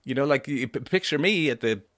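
A man in his fifties hosting a solo livestream, talking in a lively way and jumping up in pitch for emphasis and mock voices. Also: brisk, dry recording, studio quality. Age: 50s. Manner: rhetorical repeats, asks "right?". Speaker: livestream host. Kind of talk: solo political commentary.

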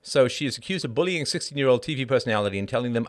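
A man's voice: medium pitch, animated, very fast. A man hosting a live call-in show, delivering a heated monologue in an emphatic, blunt and profane way, with sardonic asides and rhetorical questions.

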